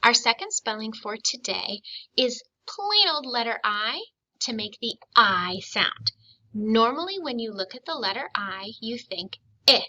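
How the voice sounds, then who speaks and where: Slow, bright-voiced phonics teacher woman. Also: a little high, low-quality recording. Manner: slow and clear, stretching out sounds and syllables; asks questions and pauses for children to answer. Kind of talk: recorded phonics lesson for young children.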